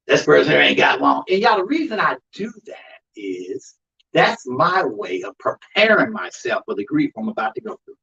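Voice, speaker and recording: Heard through a dull, lo-fi live recording, a man speaking as an undertaker tells grief stories at a moderate pace in a somewhat high, breathy voice. He preaches emphatically and animatedly, addressing the audience as "y'all."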